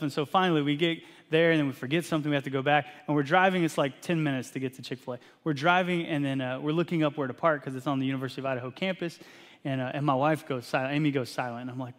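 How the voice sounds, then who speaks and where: A man in his thirties from Texas, a pastor preaching a sermon and telling an animated, self-deprecating family story. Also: on the high side, fast talker. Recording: long hall reverb.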